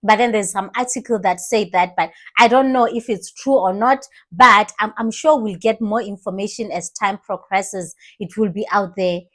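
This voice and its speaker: A young woman with a South African accent giving animated, casual commentary, switching languages mid-sentence and laughing often. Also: medium pitch, normal speed, hardly any pauses. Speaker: commentary vlogger.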